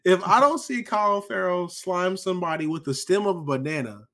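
A man with a notably high speaking voice co-hosts a casual podcast chat. He rants in an animated, emphatic and profane way, pressing his points hard. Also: fairly quick. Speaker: podcast co-host.

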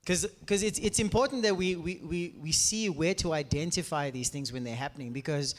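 A man preaching to a congregation, energetic and playful, asking the audience questions. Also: a little high, fairly quick. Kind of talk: teaching sermon to a congregation. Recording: reverberant hall.

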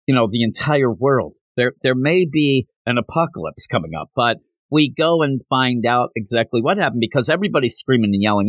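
A man's voice: medium pitch, animated, a little fast, few pauses, no echo. A man hosting a podcast in a casual solo recap, chatty and digressive, laughing as he goes and acting out quotes. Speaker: podcast host.

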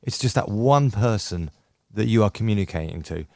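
A man's voice: lowish voice, expressive, normal speed, gravelly, darkish tone, no echo, clean studio sound. A middle-aged man from the United Kingdom, a radio presenter chatting enthusiastically as a podcast guest and telling stories with many restarts. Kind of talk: casual chat.

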